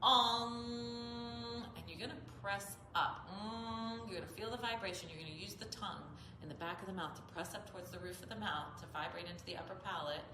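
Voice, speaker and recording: A woman's voice: lowish voice, quick pace, hardly any pauses, echoey room, noisy background. A woman yoga teacher explaining chanting step by step in a patient manner. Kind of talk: instructional talk with chanting demonstration.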